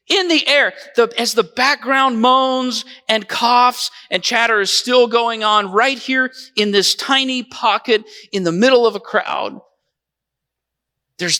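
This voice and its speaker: In a church sanctuary, a male pastor performs a sermon in the first person, dramatizing the story as he shifts between lively and hushed moments. His voice is very high, and the hall gives the recording a strong echo.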